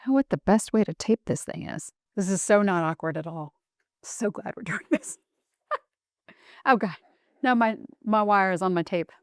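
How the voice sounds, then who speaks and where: A woman's voice: fairly low pitch, no room sound, clean studio sound. A woman hosting a casual craft vlog, talking in a playful, self-mocking way. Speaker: channel host.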